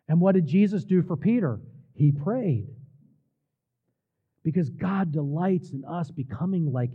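A man with a fairly high voice delivers a sermon, slowing to stress key words and dropping low at times. The sound is thin and tinny, like a phone line. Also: breathy edge. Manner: preaching with slow, emphatic pauses and dramatic drops in volume. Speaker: pastor.

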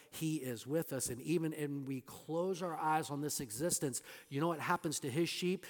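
A man preaching a sermon in a church. He speaks emphatically and at times drops to soft, hushed lines. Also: mid-range voice. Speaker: pastor. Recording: reverberant hall sound.

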